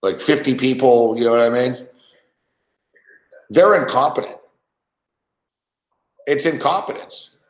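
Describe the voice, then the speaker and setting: A man's voice: medium pitch, unhurried, long pauses. Profane rambling man, roomy echo. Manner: rambling, profane, laughs often. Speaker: podcast host. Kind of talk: casual profane storytelling.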